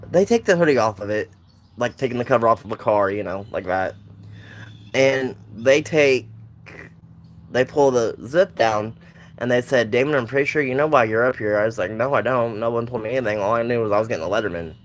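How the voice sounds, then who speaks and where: A man's voice: medium pitch, brisk. A young man telling a personal story in a casual, rambling way, with lots of restarts and side notes. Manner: rambling, with many restarts and asides.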